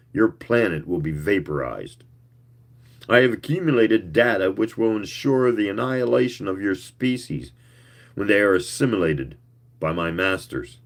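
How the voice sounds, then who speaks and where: A man voicing a weary giant male alien scout who talks in slow, stiff, oddly accented formal speech. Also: sits low, exaggerated voice.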